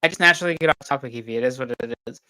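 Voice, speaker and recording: A man's voice: medium pitch, rapid-fire, sharp tone, clean tone, no echo. A tired man chatting as a guest about a novel over a video call, easygoing and rambling with many "like"s. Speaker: book reviewer guest. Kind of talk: casual chat about a book.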